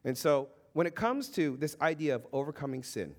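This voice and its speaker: A man in his thirties, a Christian parent, giving an informal faith talk in a conversational, animated way, with many fillers and acted-out quotes. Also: a little high, normal speed.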